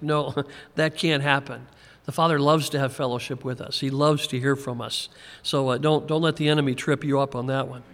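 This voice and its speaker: A man teaching a Bible passage verse by verse, in a relaxed conversational way with frequent chuckles and small restarts. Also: fairly high pitch. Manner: conversational, chuckles often, repeats words when restarting. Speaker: pastor. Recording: long hall reverb.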